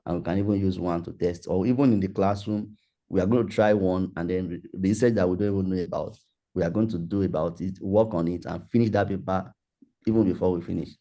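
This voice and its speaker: A man hosts an online workshop over a video call. His voice sits low and deeply mellow. He talks in a loose, conversational, repetitive way while answering questions. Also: steady tone, fast. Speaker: workshop facilitator.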